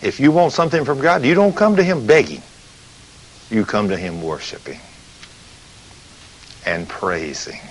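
A man's voice: mid-range voice, measured pace, long pauses, a little hiss or hum, rough recording. A man preaching a sermon. He asks rhetorical questions and acts out the scenes and voices he quotes. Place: studio recording between breaks.

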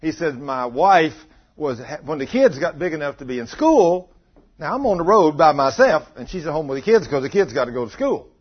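A man's voice: fairly high pitch, sing-song, a little fast, husky. A man preaching a folksy, conversational sermon and acting out the voices he quotes. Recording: muffled lo-fi recording.

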